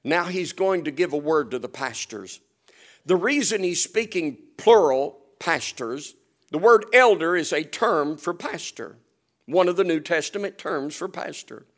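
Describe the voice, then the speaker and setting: A man preaching a storytelling sermon in a folksy, humorous way, chuckling often and swinging between loud and hushed delivery. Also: fairly high pitch, animated, measured pace. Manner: often chuckles while telling stories.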